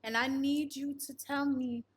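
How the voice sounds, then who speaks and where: A woman's voice: high-pitched, fairly even intonation, a little slow. A woman telling her survival story in an interview, narrating earnestly and acting out what others said. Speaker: guest sharing a survival testimony. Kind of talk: personal testimony interview.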